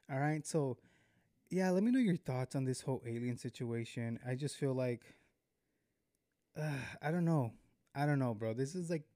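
A man hosting a casual vlog, talking in an animated, slangy way, swearing, chuckling and calling viewers "bro". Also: medium pitch, no echo, studio quality. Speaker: vlog host.

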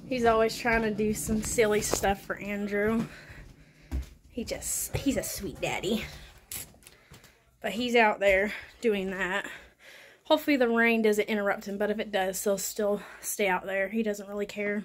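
A woman chatting casually to camera at home, rambling with soft laughs, a bit out of breath. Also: mid-range voice, level tone, normal speed, slight background noise. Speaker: vlogger. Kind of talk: casual home vlog chat. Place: home, indoors and outdoors.

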